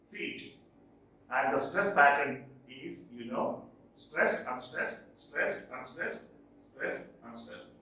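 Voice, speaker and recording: A man teaching poetry terms in a recorded video lecture, explaining slowly and repeating key terms, often checking whether it is clear. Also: medium pitch, fairly bright tone. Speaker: English teacher. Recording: echoey room, distant mic.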